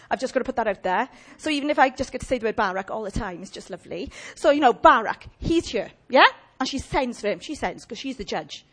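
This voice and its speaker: A woman preaches with a lot of animation, her pitch leaping up and down. Her voice sits a little high and has a husky, breathy edge. She keeps things chatty and joking with the congregation. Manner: animated, humorous, chatty with audience. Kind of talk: lively sermon.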